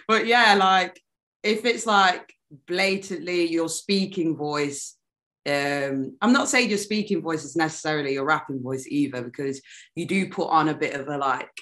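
A young woman musician chatting as an interview guest, animated and laughing often, often trailing off mid-sentence. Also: sits low, a little slow. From United Kingdom. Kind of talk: casual interview chat.

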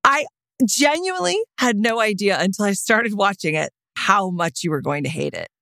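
Woman podcast co-host, 30s, teasing and playful, dry close mic, mid-range pitch. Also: expressive, moderate pace, vocal fry, sharp tone, dry recording. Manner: playful, teasing, laughs often. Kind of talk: casual chat.

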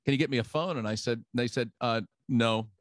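On a recording with no echo, a middle-aged male guest with a mid-range voice tells a story quickly in casual chat. He brings quoted people to life by acting out their voices, laughing as he goes.

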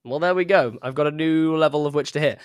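A man's voice: on the high side, fast, crowd noise. A man hosting a podcast and running a tabletop game as dungeon master, chatting casually and laughing often. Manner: laughing, playful, rambling.

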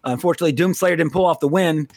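An American man co-hosting a podcast, talking casually with a slightly high voice. He rambles, swears freely and laughs at his own jokes. The sound is close and dry, with little room around it. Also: rapid-fire, creaky, darkish tone, no room sound. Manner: rambling, profane, laughs often. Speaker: podcast co-host.

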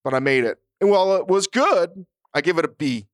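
Male podcast co-host, profane and self-mocking, bright smooth voice, dry studio sound. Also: high-pitched, lively intonation, fairly quick, no echo. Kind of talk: casual chat.

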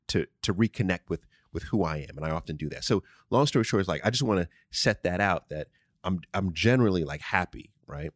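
A man's voice: low voice, dry recording, studio quality. A man hosting a show, talking casually and answering listener questions, stressing points and repeating key phrases. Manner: emphatic, repeats key phrases, frequent "right?". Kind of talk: casual advice talk. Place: studio.

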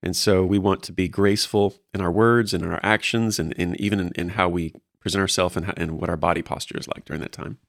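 A man talks quickly and earnestly about guiding young people, with a fairly low voice. He restarts phrases often as he encourages his listeners. The sound is dry and close. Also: fairly even intonation, gravelly, dry recording. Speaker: co-host discussing mentoring. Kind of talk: casual faith-based discussion.

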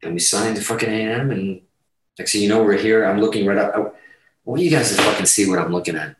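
A man guest telling a long profane story in casual chat, animated and rambling. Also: fairly low pitch, fast talker, noisy background. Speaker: podcast guest, musician. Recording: roomy, distant mic.

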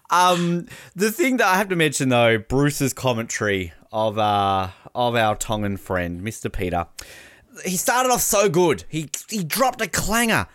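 A man's voice: a little high, moderate pace, dry recording. Jokey man, dry close sound. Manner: jokey, animated, laughs often. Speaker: podcast host. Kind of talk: casual chat.

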